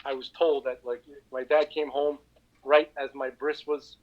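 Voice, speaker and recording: A man's voice: mid-range voice, little pitch movement, measured pace, muffled recording. A man co-hosting a casual podcast over an online call, rambling and joking with stammered restarts. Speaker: podcast co-host. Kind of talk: casual chat. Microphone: online call with cheap mic.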